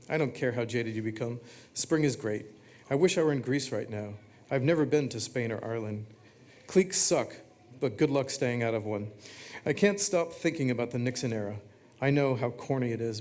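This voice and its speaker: A man reading his own text aloud, delivering short confessional quips in a flat, deadpan way. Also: medium pitch.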